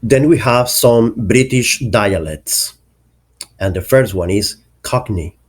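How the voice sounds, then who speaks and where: A man with a low voice walks through an English pronunciation lesson at a very unhurried pace. He says each example word carefully and deliberately, like a teacher showing how it should sound.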